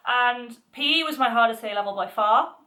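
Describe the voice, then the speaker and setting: A young woman with a high, sharp, bright voice tells a personal story to camera. She talks casually, with lots of "like" and restarts. Her telling is animated and emotional. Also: normal speed. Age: young adult. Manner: chatty, filler-heavy retelling. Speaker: vlogger.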